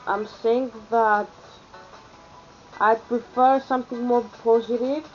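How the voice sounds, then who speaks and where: A woman's voice: on the high side, steady tone, dull audio, faint music behind. Greek woman rambling in a vlog. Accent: Athenian Greek. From Greece. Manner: halting, many fillers and restarts. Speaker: vlogger. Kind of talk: rambling casual vlog chat.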